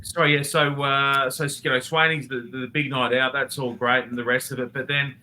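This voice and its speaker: A man's voice: medium pitch, moderate pace, crowd noise, rough recording. A man, a rugby commentator guesting on a podcast, talking bluntly and animatedly over a remote call. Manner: animated, blunt, swears casually. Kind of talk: casual podcast chat.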